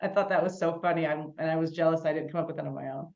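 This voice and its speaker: A woman co-hosting a podcast, an animated storyteller in casual chat. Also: low voice, highs cut off. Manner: animated storyteller, quick and chatty. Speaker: podcast co-host.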